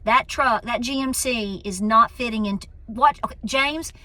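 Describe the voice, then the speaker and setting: A woman's voice: on the high side, moderate pace, bright, forceful tone. A woman with an East Tennessee Southern accent, chatting casually to her channel in a folksy way while filming on a handheld phone. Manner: folksy and chatty, calls people honey. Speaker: homestead channel host. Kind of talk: casual vlog chat. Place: inside a car, then a busy store. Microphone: handheld phone at arm's length.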